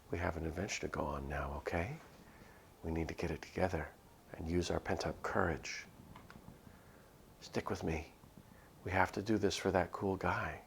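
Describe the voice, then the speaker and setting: A man's voice: low-pitched, gravelly, a little hiss or hum. A man streaming himself reading a visual novel aloud, narrating in first person with a nervous, earnest delivery and small self-corrections. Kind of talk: dramatic first-person reading of a game script.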